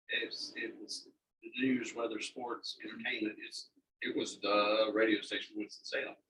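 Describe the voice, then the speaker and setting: A longtime radio DJ, appearing as a guest, tells stories in a casual, folksy way with a medium-pitched voice that sounds pushed and bright. The mic is distant, with faint background noise.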